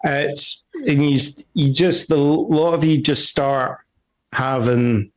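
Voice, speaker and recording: A man's voice: fairly high pitch, steady tone, slow pace, rough recording. A man running a tabletop game as game master, narrating scenes in a rambling way and correcting himself often.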